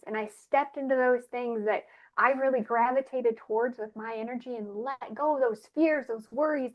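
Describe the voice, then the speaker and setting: High-voiced earnest woman, lo-fi sound. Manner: earnest, animated storytelling. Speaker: regular panelist. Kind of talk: personal spiritual testimony. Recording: muffled lo-fi audio.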